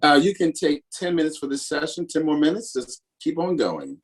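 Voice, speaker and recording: Husky voice calling in from afar. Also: medium pitch, big pitch swings, normal speed. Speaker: event organizer. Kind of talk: casual remark.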